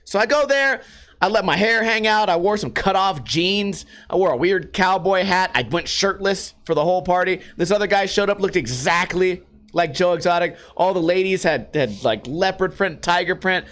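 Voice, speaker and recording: High-voiced animated man, swearing. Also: normal speed. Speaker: vlogger. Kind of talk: casual profane storytelling.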